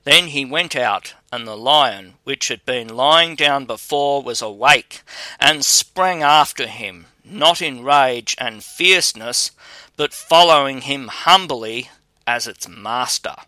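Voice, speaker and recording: A man reads a fairy tale in a measured, unhurried way. His voice is very bright and smooth. The recording is close and dry with no room sound. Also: mid-range voice, dry recording. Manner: measured, even storytelling delivery. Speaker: narrator. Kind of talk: scripted fairy-tale narration.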